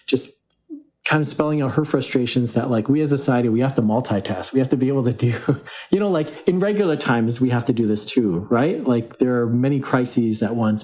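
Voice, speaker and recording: A man's voice: mid-range voice, mellow, low-quality recording. A man interviewed as a guest reporter on a news podcast, answering hesitantly with many fillers and restarts.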